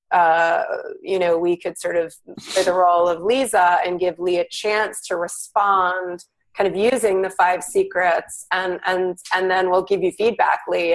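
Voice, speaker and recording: Gentle, tentative woman co-therapist. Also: lowish voice, low-quality recording. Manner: tentative, gentle, uses "kind of" and "you know". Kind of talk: guiding a live therapy session.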